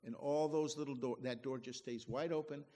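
A man's voice: medium pitch, steady tone, moderate pace, mellow, in a large hall. A middle-aged man preaching a sermon as pastor, folksy and emphatic, often restarting his phrases.

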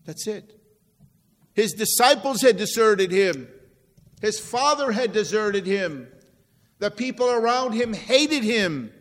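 A man preaching a sermon, slow and deliberate, swinging from loud stresses to near-whispered drops. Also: high voice, animated. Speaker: pastor. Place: church. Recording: long reverb in a large hall.

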